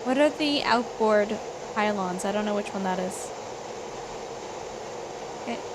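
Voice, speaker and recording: A woman's voice: medium pitch, unhurried, background noise. A woman livestreaming a flight simulator in casual, chatty talk, often apologizing and laughing lightly. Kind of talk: casual stream chat.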